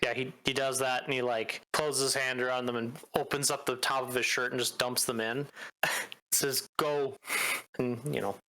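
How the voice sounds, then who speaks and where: A man running a tabletop game, narrating casually with frequent fillers. His voice is bright and sits at a middling pitch. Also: level tone, normal speed, rough recording. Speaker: game master.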